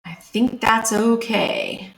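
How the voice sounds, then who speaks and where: A woman talks slowly and easily while she draws, narrating each stroke for her live stream. Her voice has a gravelly edge, and the room gives it a noticeable echo. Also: a little high, lively intonation. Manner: chatty, talks through her work. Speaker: streamer and artist. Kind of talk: live-streamed drawing commentary.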